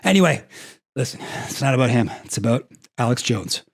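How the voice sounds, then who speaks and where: A man's voice: mid-range voice, very animated, a little fast, slightly rough. A young man doing casual, sarcastic commentary on a stream, rambling and laughing at his own jokes.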